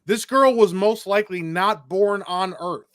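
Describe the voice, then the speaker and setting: A man's voice: sits high, measured pace, fairly bright tone, no echo, studio quality. A man co-hosting a livestream, talking in a blunt, rambling, sweary way. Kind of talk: casual livestream chat.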